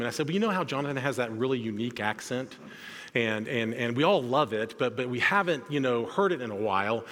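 A man preaching in a large church sanctuary, his voice trailing off into a long hall reverb. He talks in a relaxed, conversational way, stumbling over words and restarting his sentences. His pitch sits in the middle range. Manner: conversational, self-deprecating storytelling with frequent restarts. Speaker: guest preacher. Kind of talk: sermon.

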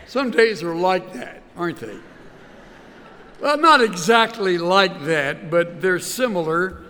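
A man telling stories in a sermon, halting and repeating words with many fillers. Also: high voice, lively intonation, bright, forceful tone, slight background noise. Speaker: speaker telling illustrative stories. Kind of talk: sermon-style storytelling. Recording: long hall reverb.

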